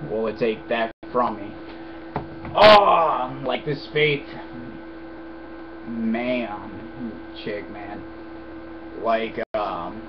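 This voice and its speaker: A young man talks straight to his webcam in a casual rant, blunt and full of swearing as he rambles through viewer questions. His voice sits at an ordinary pitch for a man. The audio is muffled and lo-fi, with a steady noise under it. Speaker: vlogger answering viewer questions.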